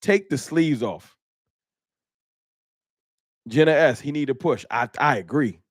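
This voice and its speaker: Man live-stream host, slightly high voice, dry close mic, loose joking chat. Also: unhurried, pauses often, slightly rough, dry recording. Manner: animated, joking, laughs at own bits.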